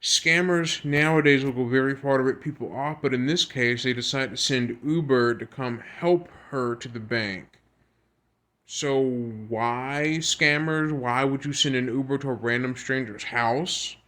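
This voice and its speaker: A man's voice: mid-range voice, a bit bright. A man reading news articles aloud with his own comments, earnest and repetitive, often stumbling over words and starting again. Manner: halting reading with stumbles and restarts. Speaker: video creator.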